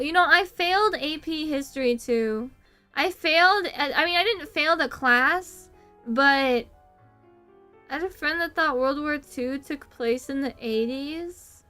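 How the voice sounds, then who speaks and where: A woman's voice: high voice, bright, forceful tone. A young woman from the United States, chatting casually on a stream. She rambles, giggles, swears casually and pokes fun at herself. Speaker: VTuber streamer.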